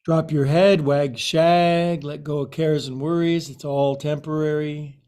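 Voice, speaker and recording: A man guiding a yoga class, giving slow cues with playful, quirky asides. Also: a little high, level tone, mellow. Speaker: yoga teacher.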